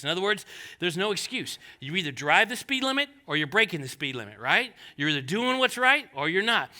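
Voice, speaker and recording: A male pastor preaching a sermon in an animated, conversational way with jokey asides. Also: sits high, moderate pace.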